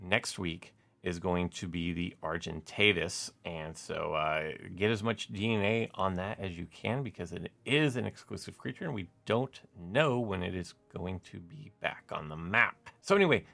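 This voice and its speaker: A man's voice: sits low, moderate pace, gravelly, hardly any pauses, fairly bright tone. A man giving casual, rambling gameplay commentary as a gaming YouTuber, full of "like" and "uh" fillers.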